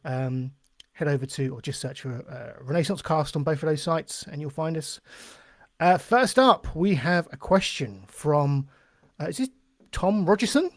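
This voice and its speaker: A man's voice: fairly high pitch, moderate pace, dry recording, studio quality. A man co-hosting a podcast in casual chat, reading out listener questions with easygoing, wry asides. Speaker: podcast co-host.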